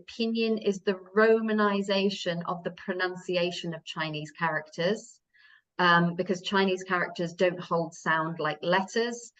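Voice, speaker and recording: A woman's voice: on the low side, fairly bright tone, highs cut off. A woman language teacher giving a live taster class, explaining patiently step by step with fillers.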